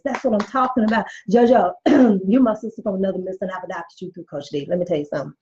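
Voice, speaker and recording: A woman's voice: medium pitch, fast talker, mellow. A woman in her forties hosting a live show, telling candid stories with emphatic, preachy talk and reading viewer comments aloud. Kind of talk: candid storytelling monologue to viewers. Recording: muffled lo-fi recording.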